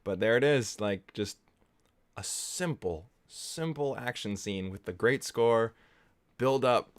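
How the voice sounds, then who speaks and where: A man talks over a film in casual commentary, rambling with plenty of filler words. His pitch swings lively while his pitch sits in the middle. He sounds enthusiastic throughout. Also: slow. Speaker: film reviewer, host. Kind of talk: casual movie watch-along commentary.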